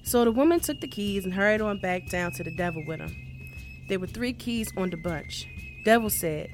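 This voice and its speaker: Woman, storyteller, folksy folktale reading, expressive, faint music behind. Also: mid-range voice, normal speed. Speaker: host and storyteller.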